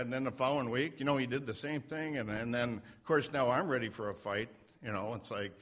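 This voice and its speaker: Halting man sharing a church testimony. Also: mid-range voice, a bit bright. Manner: halting, many fillers and restarts, self-deprecating. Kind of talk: unscripted personal testimony. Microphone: standing mic.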